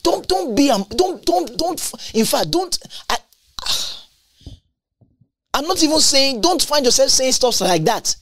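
A preacher delivers an emphatic, repetitive sermon with big pitch leaps and bursts of tongues. He speaks slowly in a sing-song way with long pauses, his voice a bit bright on a dry recording.

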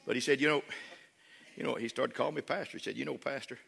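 A man preaching a sermon as a pastor, switching between loud shouted praise and soft folksy storytelling. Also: medium pitch, quick pace, vocal fry, breathy edge. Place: large church hall with congregation. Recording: long hall reverb with faint crowd.

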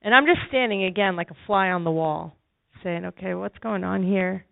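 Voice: medium pitch, moderate pace, creaky, narrow, tinny audio. A preacher giving a sermon testimony, telling a story with emphatic repetition.

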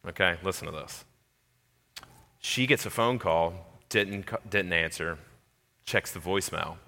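A young man telling a comic personal story, acting out voices and swinging between loud and quiet. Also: fairly low pitch. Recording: long hall reverb.

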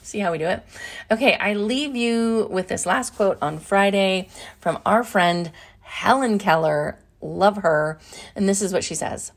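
Upbeat woman with a gravelly edge. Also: medium pitch, normal speed. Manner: energetic, playful, repeats phrases for emphasis. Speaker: podcast host. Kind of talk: motivational talk.

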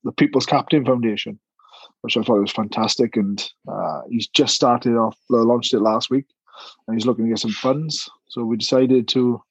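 A man who played rugby, talking as a guest in a casual chat, relaxed and full of uhs and repeated words. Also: mid-range voice, husky, dry recording, highs cut off.

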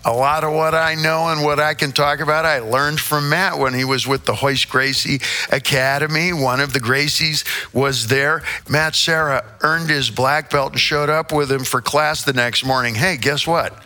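In a bright, pushed voice of medium pitch and normal speed, a sixty-something rock singer spins stories during a relaxed interview. There's theatrical flair, some wordplay, and a swear word here and there.

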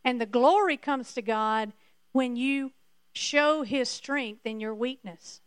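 A woman's voice: fairly high pitch, takes it slowly, clear, resonant tone, no room sound, clean studio sound. A woman preacher giving a sermon emphatically, repeating her points to the congregation.

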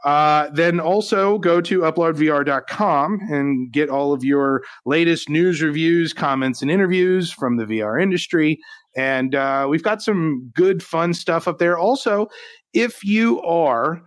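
A man's voice: on the high side, measured pace, no echo. A man co-hosting a live tech news stream, chatty and upbeat with joking asides. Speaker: co-host of a VR news livestream. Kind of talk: casual livestream chat.

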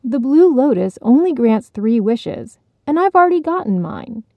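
A woman voicing a patient, gentle male crane in a storybook, persuasive in manner. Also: a little high, big pitch swings, moderate pace, no room sound, muffled recording, pitched above the performer's own voice.

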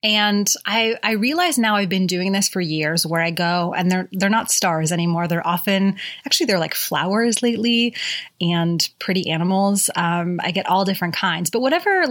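A woman's voice: mid-range voice, fairly bright tone. A woman in her thirties hosting her own podcast, talking candidly and chattily, with casual swearing and plenty of fillers. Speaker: podcast host. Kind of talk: casual solo podcast monologue.

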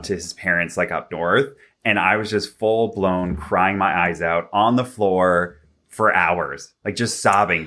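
Young man from Canada, low bright voice, casual filler-heavy storyteller. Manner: chatty, filler-heavy, animated when quoting himself. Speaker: interview guest.

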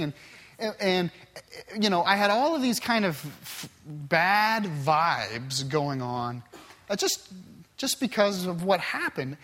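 A middle-aged man with a slightly high voice leads a Bible class. He talks in a relaxed, conversational way, and his stories come out earnest and full of restarts. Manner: earnest, anecdotal storytelling with many restarts. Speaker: Bible study teacher.

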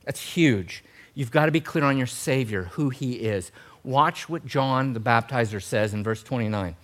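A middle-aged male pastor preaching a sermon in an animated, humorous way, swinging between loud emphasis and soft tender passages. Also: medium pitch.

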